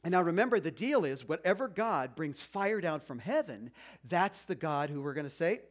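A man's voice: high-pitched, expressive, moderate pace. A man retelling a Bible story in a casual, conversational way, with many fillers and playful asides. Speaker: Bible teacher.

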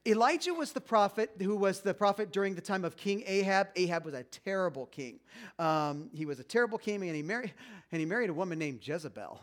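A man retelling a Bible story in a casual, conversational way, with many fillers and playful asides. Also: high-pitched. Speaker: Bible teacher.

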